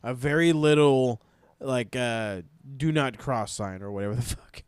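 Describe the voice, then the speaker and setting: Dude co-hosting a wrestling podcast, chill, cusses, mid voice, dry close mic. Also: male voice, medium pitch, measured pace, smooth, dry recording. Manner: laid-back, swears, acts out wrestlers' lines. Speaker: podcast co-host. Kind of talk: casual wrestling chat.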